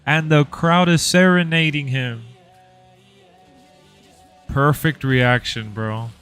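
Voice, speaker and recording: An excitable man reacts live on his stream, tossing out slang and hype between moments of the show. He talks at an unhurried pace, with faint music under his voice. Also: a little high, smooth. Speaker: livestream reaction host. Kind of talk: casual live reaction commentary.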